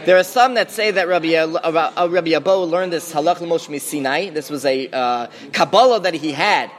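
Man teaching a Talmud class, slightly high voice. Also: moderate pace. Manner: thinking aloud with restarts and Hebrew-Aramaic terms.

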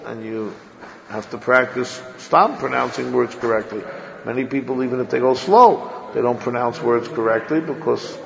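Man, religious teacher, lecture, gravelly voice, sounds words out slowly, echoey hall. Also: mid-range voice, highs cut off. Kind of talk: classroom lecture on Hebrew text.

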